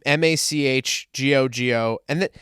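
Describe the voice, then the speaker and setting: In a clean, echo-free studio recording, a man with a mid-range, fairly bright voice co-hosts a podcast at a moderate pace. He explains things at length in casual chat, packed with fillers like "um" and "like."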